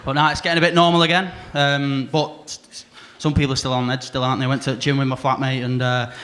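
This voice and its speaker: Laddish young Salford stand-up. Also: male voice, medium pitch, level tone, fast, fairly bright tone, slight background noise. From Salford, England. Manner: laddish, rambling, slips into mimicking voices. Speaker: new act comedian. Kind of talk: stand-up set. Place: comedy club stage.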